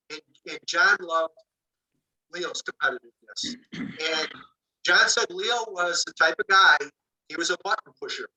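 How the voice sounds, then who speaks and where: A man, an author, telling a lively anecdote in a casual, rambling way, acting out the dialogue with lots of fillers. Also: a little high, distant mic, poor audio. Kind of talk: casual storytelling.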